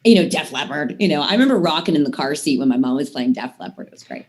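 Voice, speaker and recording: Guesting on a talk show, this singer in her thirties chats casually and rambles through long stories, leaning on "I mean" and "like" constantly. She sounds animated and quick, her low voice carrying a slight mellowness.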